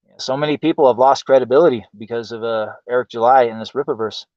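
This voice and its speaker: A livestream host with a medium-pitched, darkish voice rants quickly and with exasperation, cursing heavily and asking why over and over. There's no echo, but his home streaming mic makes the audio dull and lo-fi.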